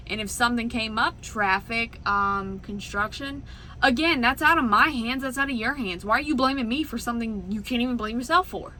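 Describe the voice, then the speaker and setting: A woman truck driver vlogging in an animated, exasperated rant from inside her truck cab. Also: fairly high pitch, fairly quick, a little hiss or hum, poor audio. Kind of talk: casual ranting vlog.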